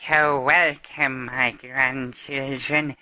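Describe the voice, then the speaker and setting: A man's voice: mid-range voice, flat delivery, sharp tone, voice pushed down, heavily acted. Man putting on a creepy old granny voice. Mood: menacing. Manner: slow, menacing storyteller. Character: creepy sinister old granny ruling an underground world.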